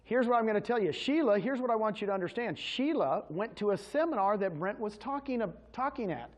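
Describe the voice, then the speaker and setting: A man giving an energetic, motivational sales presentation at a real estate agents' meeting, quizzing his listeners with questions. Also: high-pitched, brisk.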